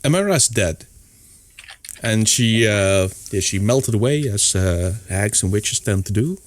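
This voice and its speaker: A man's voice: on the low side, lively intonation, unhurried, no room sound. A man acting as game master, chatting loosely and joking with his players. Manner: joking, filler-heavy. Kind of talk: casual chat and game narration.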